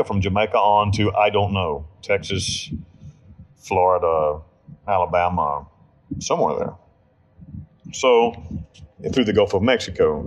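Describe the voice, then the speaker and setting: A man's voice: lowish voice, highs cut off. An American man telling his life story in an interview, with blunt, rambling speech, profanity and frequent restarts. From United States. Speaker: interview subject.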